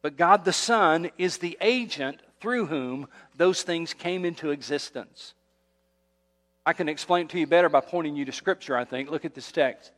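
A man's voice: a little high, moderate pace, fairly bright tone. A male pastor delivering a sermon, emphatic and repetitive, building intensity as he preaches. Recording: long hall reverb.

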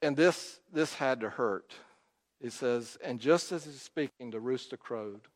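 A man's voice: medium pitch, a little slow. Man preaching in a reverberant hall. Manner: storytelling, acts out quotes, rises and drops in volume. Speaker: pastor. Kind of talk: sermon.

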